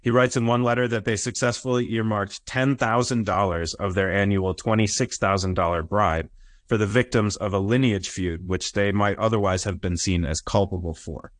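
A history lecturer gives an academic lecture in a lowish voice at a moderate pace with fairly even intonation. He explains things with frequent "uh"s and "right?" checks. This lecture recording sounds dry and close, with no echo.

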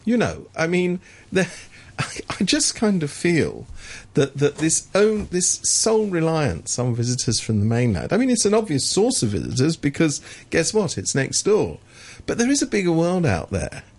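A man's voice: on the high side, huge pitch swings, moderate pace, darkish tone, slightly rough. Sardonic man on talk radio. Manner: sardonic, mocking, mimics officials. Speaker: radio co-host. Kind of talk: casual political chat on radio. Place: radio studio.

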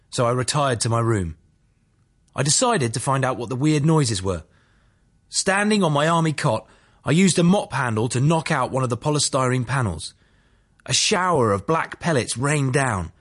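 A man narrating his memoir as an audiobook, telling it in a matter-of-fact, dry way. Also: mid-range voice.

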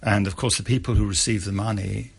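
A man giving measured radio interview answers, pausing often with fillers. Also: lowish voice, fairly even intonation, gravelly, breathy edge. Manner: measured, with many pauses and uh fillers. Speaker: author interviewed about a historical figure.

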